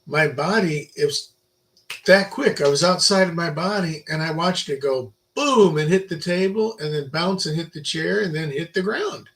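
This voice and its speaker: An older man giving an informal Bible lecture, rambling through personal stories and swinging between loud emphasis and quiet asides. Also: a little high, normal speed, rough recording. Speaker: Bible teacher.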